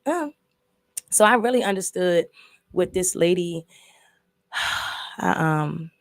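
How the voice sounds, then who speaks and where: A woman's voice: lowish voice, slow pace, dry recording, studio quality. A woman casually recapping and reviewing a movie, telling the story in an emphatic, profane way with lots of repeats.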